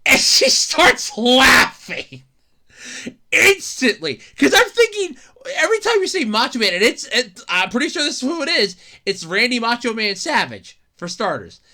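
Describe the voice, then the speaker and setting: In a casual solo rant, a podcast host rambles along, swearing and laughing often, growing exasperated and breaking into shouts when he's worked up. His voice is medium-pitched and sing-song, at a moderate pace.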